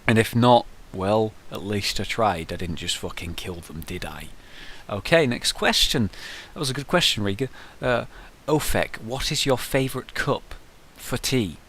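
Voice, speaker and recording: A man's voice: on the low side, moderate pace, fairly bright tone, slightly rough. A young man answering viewer questions in a casual vlog, rambling through stories with lots of fillers. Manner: rambling, conversational storytelling with frequent fillers.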